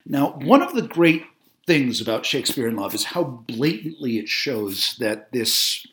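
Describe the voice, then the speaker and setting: A man's voice: mid-range voice, very animated, measured pace, fairly bright tone. A man giving a spoken video essay on film, opinionated and talkative, with frequent fillers and self-corrections.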